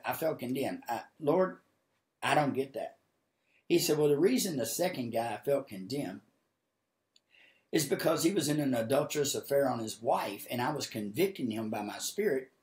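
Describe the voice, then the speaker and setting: A male preacher streams live from a home office. His voice carries a noticeable room echo. He tells folksy stories and keeps climbing into loud, ringing exhortation. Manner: folksy storytelling, builds to high, loud exhortation. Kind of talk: sermon with acted-out storytelling. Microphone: livestream camera mic.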